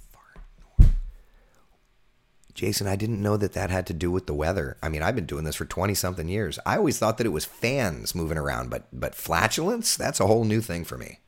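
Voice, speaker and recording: Hoarse weatherman with a deep voice, loose and jokey while chatting with viewers. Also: big pitch swings, quick pace, hardly any pauses. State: hoarse, voice recovering. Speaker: TV meteorologist hosting a live chat. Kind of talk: casual live-stream chat reading viewer comments.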